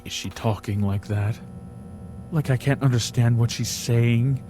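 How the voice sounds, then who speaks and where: A man's voice: medium pitch, fairly even intonation, unhurried, warm tone, soft background music. A man reading a story aloud in the first person, theatrically, with sudden whispered asides. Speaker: storybook reader.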